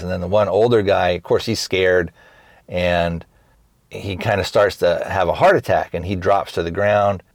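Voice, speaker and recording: A man's voice: low-pitched, no room sound, studio quality. A man hosting a podcast, retelling scenes in a loose rambling way with many restarts and acted-out quotes. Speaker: podcast host reviewing a film. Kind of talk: casual recap.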